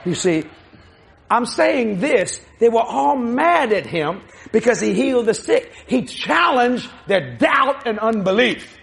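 A male preacher tells a sermon as a comic story, folksy and full of acted-out voices. His high voice jumps about, rough and gravelly, over a faint hiss. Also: slow pace. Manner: animated, folksy, acts out voices.

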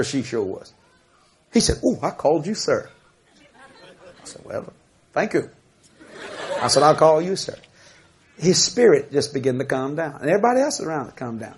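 A man preaching a sermon, telling a story in an animated, laughing way and acting out what people said. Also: fairly high pitch, husky.

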